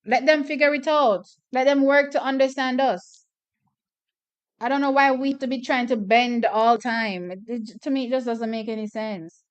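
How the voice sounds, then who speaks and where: A woman's voice: high-pitched, steady tone, moderate pace, clear, resonant tone, muffled recording. A woman hosting a track watch party, chatting and commenting on races with strong, repeated opinions. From Jamaica. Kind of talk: casual live track commentary.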